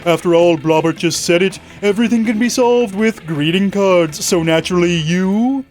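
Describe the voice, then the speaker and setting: A man's voice: high voice, normal speed, darkish tone, soft background music. A man reading game narration aloud in a wry, mock-dramatic way.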